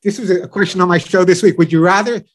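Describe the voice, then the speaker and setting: Middle-aged man, pet expert guest; slightly high voice, animated storyteller. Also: quick pace. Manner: animated storyteller acting out owners and dogs. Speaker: pet show radio host and dog trainer, guest. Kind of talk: enthusiastic interview chat.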